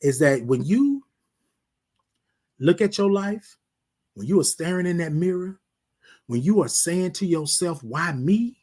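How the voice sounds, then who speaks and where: Husky guy hosting a morning talk, kinda high voice, swoops all over, preachy, lots of "y'all". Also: lively intonation, unhurried, long pauses, darkish tone. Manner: preacherly, repeats phrases, drops to near whisper on refrains; addresses listeners as "y'all". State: emotional. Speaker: host.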